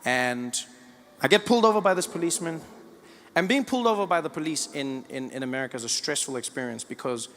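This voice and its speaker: A man from South Africa with a South African accent, doing stand-up with animated storytelling. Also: on the high side, fast, big-room sound. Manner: animated storytelling, acting out scenes. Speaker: stand-up comedian. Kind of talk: stand-up comedy. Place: comedy stage before an audience.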